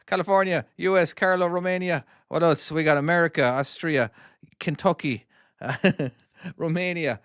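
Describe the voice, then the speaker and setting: A man's voice: medium pitch, fairly bright tone, clean tone, dry recording, clean studio sound. A man, casually chatting on a live stream while playing his own trucking game and reading out viewer comments. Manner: chatty, easily distracted, reads comments aloud.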